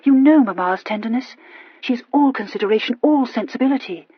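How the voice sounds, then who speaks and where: A gentle, sorrowful young woman speaks softly and earnestly, as a woman reads her. Her voice is a little husky and higher than average. The recording sounds dull and dry. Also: brisk, no echo. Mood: sad. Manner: soft, sad and earnest.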